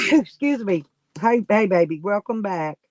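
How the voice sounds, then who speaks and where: A woman's voice: medium pitch, big pitch swings, slow pace, fairly bright tone, dry recording. A woman, sniffly and coughing, chatting casually and folksily with viewers on a live stream. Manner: folksy, rambling, talks straight to chat by name.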